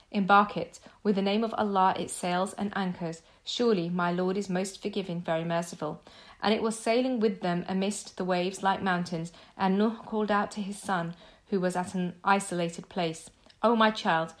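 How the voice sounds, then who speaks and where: A woman gives a steady, solemn reading of a translated scripture, with an unhurried and measured delivery. Her pitch sits in the middle range for a woman. She does not put on character voices for the quoted speech. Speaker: scripture reader.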